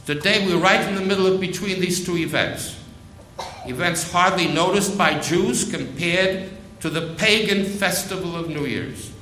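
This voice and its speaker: A man preaching a sermon, slow and emphatic, repeating phrases for weight. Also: high voice, sharp tone, roomy sound, a little hiss or hum, low-quality recording.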